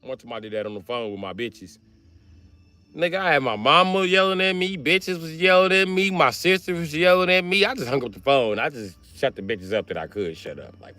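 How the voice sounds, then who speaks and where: Animated crude man telling stories. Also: mid-range voice, a little fast, faint music behind. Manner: animated, crude, swings from loud to muttering. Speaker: livestreamer. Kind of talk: rambling comedic storytelling.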